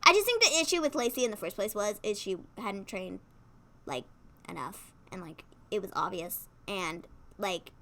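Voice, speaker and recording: A woman co-hosting a casual wrestling recap, telling stories in an excitable, animated way with lots of "like". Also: medium pitch, moderate pace, a little hiss or hum. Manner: excitable, animated storyteller, fillers of "like". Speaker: co-host.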